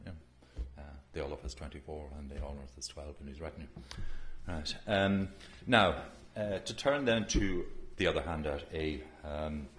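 A man giving an academic conference lecture, halting with frequent fillers and restarts. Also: rumbling low. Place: lecture room. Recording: echoey room.

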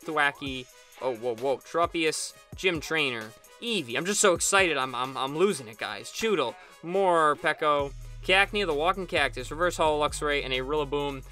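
A young man talks his viewers through a card pack opening, listing each card in turn and getting loud and excited over the good ones. His voice sits fairly high for a man and has a bright, forceful edge. Soft music plays underneath. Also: normal speed. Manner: excitable, rattles off card names, bursts of cheering at good pulls. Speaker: channel host opening trading card packs. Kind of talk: casual pack-opening commentary.

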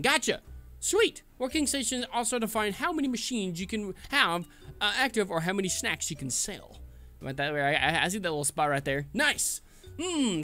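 Excitable man chatting over a game. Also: sits high. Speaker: gaming channel host. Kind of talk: casual let's-play commentary.

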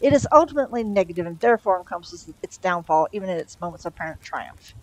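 A woman's voice: on the low side, animated, quick pace, a little mellow, close to an everyday voice, poor audio. A woman reading a storybook and voicing a prim, anxious male angel.

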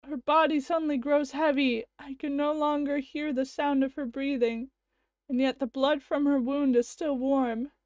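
A woman's voice: sits high, fairly even intonation, moderate pace, darkish tone, no echo, lo-fi sound, close to an everyday voice. A woman voicing a guilt-stricken young male scientist, narrating with anguish as she reads a visual novel aloud. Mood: horrified. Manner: anguished first-person narration.

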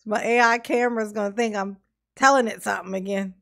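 A woman's voice: mid-range voice, fairly even intonation, fast, vocal fry. A woman hosting a casual reaction commentary, making sarcastic, mocking asides. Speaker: commentary channel host.

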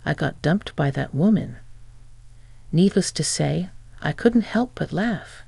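A woman's voice: sits low, animated, takes it slowly, gravelly, mellow, breathy edge, no room sound. A woman telling her own revenge story in a scripted first-person narration, with a sarcastic, mocking manner.

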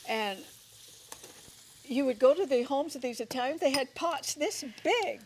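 A woman's voice: high-pitched, animated, a little slow, slight background noise. Chatty woman hosting a TV talk show. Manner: chatty storyteller, jokey. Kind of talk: casual chat on a cooking segment.

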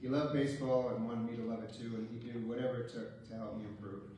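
A son gives a eulogy in a church, telling wry, humorous stories about his late father with little chuckles. His mid-range voice is fairly even and quick-paced, and he sounds distant from the mic, echoing through a very reverberant hall with background noise.

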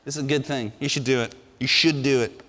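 A male pastor preaching a sermon with emphatic delivery, dropping to a hush and then rising to ringing emphasis. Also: mid-range voice, steady tone, quick pace, long reverb tail. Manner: emphatic, swinging between hushed and ringing delivery.

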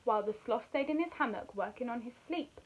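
Animated woman reading a children's story. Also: fairly high pitch, fast talker, highs cut off, a little hiss or hum. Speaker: nursery teacher.

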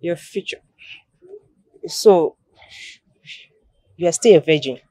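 A husky, teasing Nigerian friend. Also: female voice, on the low side, slow pace, mellow, no room sound. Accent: Nigerian English. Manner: teasing, coaxing. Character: young woman, teasing, easygoing friend. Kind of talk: Nollywood film acting.

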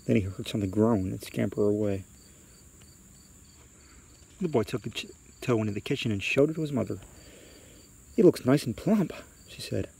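Gravelly man reading a spooky story. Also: lowish voice, brisk, pauses often, darkish tone.

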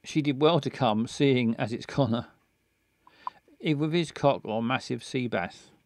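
A man's voice: medium pitch, a little slow, darkish tone. Crude male streamer. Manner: bawdy, indecisive, joking. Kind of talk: crude game commentary.

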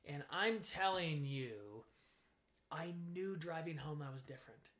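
A man's voice: on the high side, a little slow. A man in an interview, candidly telling a personal story and acting out what people said. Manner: animated, acts out quoted voices, frank. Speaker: guest sharing his story.

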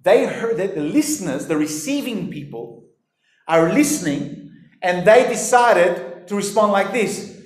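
A man delivers a sermon in an animated, emphatic way, addressing his listeners directly. His voice sits high for a man. The room adds a strong echo. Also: unhurried. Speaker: pastor. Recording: echoey room.

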